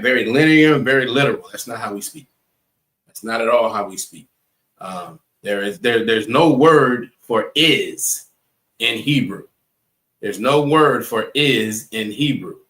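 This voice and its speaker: Male class instructor, mid-pitched, emphatic, repetitive, talks straight to the stream chat. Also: bright, forceful tone. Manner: emphatic, repeats points, asks "right?" often; addresses chat viewers directly. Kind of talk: live online class lecture.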